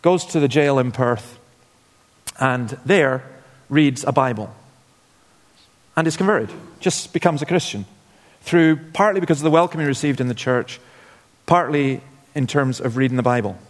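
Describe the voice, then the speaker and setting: A man from Scotland preaches as a guest speaker, mixing scripture with personal stories and dry asides. His voice sits at an average pitch and carries a long church reverb. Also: normal speed, long pauses. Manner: informal, storytelling, wry asides. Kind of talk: sermon. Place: church hall.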